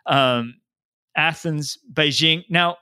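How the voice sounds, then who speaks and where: Casting: Australian male podcast host in his forties, chatty and quick to laugh, bright and fairly high voice, dry close sound. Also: smooth, no echo. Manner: chatty, laughs often, mimics shouts when retelling. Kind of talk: conversational interview.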